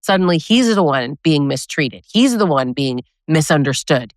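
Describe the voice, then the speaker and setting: A woman's voice: sits low, expressive, moderate pace, no room sound, studio quality. A woman educator talking straight to her viewers, emphatic and coaching, often tagging her points with "right?". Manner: emphatic, keeps adding "right?"; direct, coaching tone. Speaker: abusive relationship educator. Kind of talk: direct-to-camera talk.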